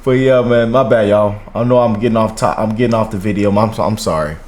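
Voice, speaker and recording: A man's voice: lowish voice, steady tone, a little fast, a little mellow. A man in his thirties hosting a reaction video, rambling and heartfelt, calling viewers y'all and man. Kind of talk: casual reaction commentary.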